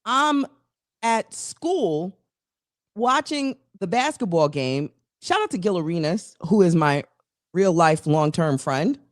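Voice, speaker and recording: A woman's voice: lowish voice, takes it slowly, no room sound, clean studio sound. A woman co-hosting a casual talk show, telling a long, rambling story full of restarts and asides. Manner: animated, rambling, restarts stories. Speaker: co-host.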